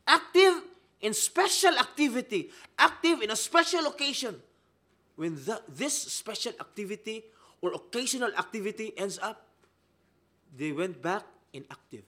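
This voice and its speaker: Animated high-voiced male preacher. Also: normal speed. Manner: emphatic, rhetorical questions, swings between loud and soft. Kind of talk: sermon.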